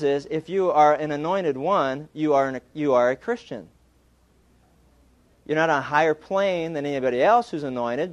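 A man preaching a sermon, telling humorous stories in an animated way. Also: on the high side.

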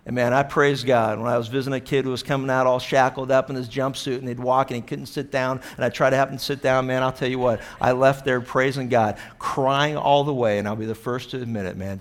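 A man preaching a sermon, impassioned, swinging between loud acted-out quotes and hushed, earnest passages. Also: mid-range voice, level tone, fairly quick, gravelly, few pauses. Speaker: pastor.

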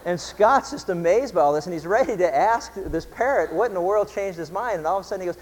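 A male pastor giving a sermon in a church, telling a story in a relaxed, conversational way before turning to scripture. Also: high voice, fast, few pauses. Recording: long hall reverb.

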